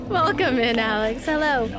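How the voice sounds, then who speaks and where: A woman streamer chatting casually while playing a game, talking to viewers and cursing at the game. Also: fairly high pitch. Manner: chatty, exclaims and swears at the game, greets viewers. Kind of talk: casual live gameplay chat.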